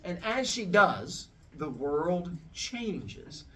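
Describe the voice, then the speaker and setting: A man's voice: very animated, drawn-out words, pushed and bright, distant mic. A man casually retelling an old myth as a comic story, playfully switching into character voices. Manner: playful, jumps into high squeaky voices for characters. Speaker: storyteller host.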